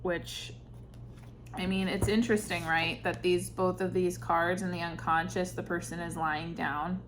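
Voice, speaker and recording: A woman giving an intuitive tarot reading, speaking softly and reflectively, with sighs and pauses between thoughts. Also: fairly low pitch, steady tone, background noise. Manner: slow, soft-spoken, reflective, with sighs and pauses. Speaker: tarot reader.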